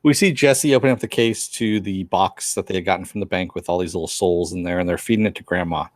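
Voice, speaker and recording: Low-voiced man recapping a show. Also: fast, no room sound, clean studio sound. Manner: retells scenes, briefly acting out characters' lines. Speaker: podcast co-host reviewing a TV episode. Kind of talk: casual chat.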